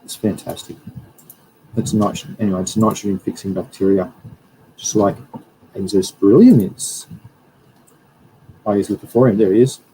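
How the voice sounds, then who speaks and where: A man's voice: lowish voice, normal speed, pauses often, mellow, a little hiss or hum, poor audio. A man hosting a live stream, chatting loosely and correcting himself as he reads through slides. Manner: rambling, self-correcting, chatty. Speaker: livestream host, plant scientist. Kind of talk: casual livestream talk, reading through slides.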